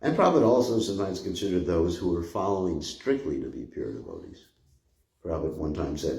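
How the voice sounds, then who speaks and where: A man's voice: sits low, lively intonation, moderate pace, vocal fry, pauses often, a little mellow. An older man giving an informal scripture class, rambling and conversational, often chuckling. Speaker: spiritual teacher giving a class. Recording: echoey room.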